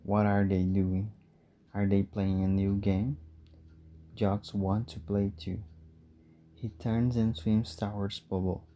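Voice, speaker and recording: A man narrating a simple storybook for learners in a clear, measured way. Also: fairly low pitch, little pitch movement, mellow. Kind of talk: slow storybook reading for learners.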